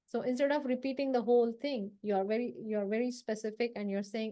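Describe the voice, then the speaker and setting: A woman's voice: fairly high pitch, steady tone, fast, few pauses, dark tone. Woman coaching in a conversational, upbeat tone. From South Asia. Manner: coaching, conversational, asks the audience for agreement; acts out short workplace dialogues. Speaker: workplace confidence trainer. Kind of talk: live training session.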